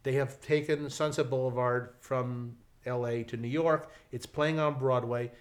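A man telling a casual anecdote in an animated way, acting out the people in it. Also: medium pitch, a little slow. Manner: animated, acts out quoted voices, restarts. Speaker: storyteller guest.

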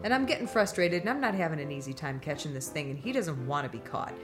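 A middle-aged woman telling a long, animated anecdote on a talk show. She laughs often and acts out the voices of the people in her story. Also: low voice, quick pace, music in the background.

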